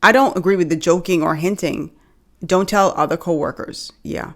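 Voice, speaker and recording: A young woman from the Bahamas chatting casually to camera as a video host, animated and joking, calling her viewers y'all. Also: lowish voice, normal speed.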